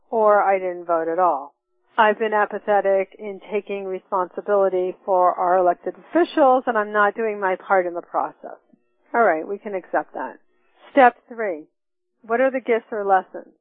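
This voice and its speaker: A woman's voice: medium pitch, no echo. A middle-aged woman teaching a class on forgiveness, earnest and reflective, walking through steps with personal examples. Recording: tinny phone-line sound, dry.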